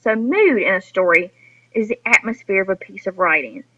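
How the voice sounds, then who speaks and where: A woman's voice: medium pitch, lively intonation, moderate pace, noisy background. A woman teacher giving a recorded lesson to her students, explaining patiently and speaking to them directly. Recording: dull lo-fi recording.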